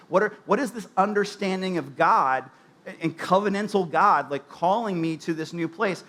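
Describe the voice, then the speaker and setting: Male pastor, sermon in a church; loose, chatty delivery full of "like" and restarts, voice sits a bit high. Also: a bit bright. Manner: conversational, many fillers and restarts.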